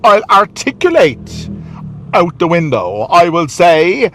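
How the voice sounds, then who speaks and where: A man with a slightly high voice vlogs into a handheld camera as he drives and walks around a city. He rambles and repeats himself, sounding self-satisfied, with a faint hum of traffic behind him. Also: wildly swooping pitch, slow pace, a bit bright. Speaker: vlogger. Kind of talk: walking vlog monologue. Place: outdoors in a city street and car.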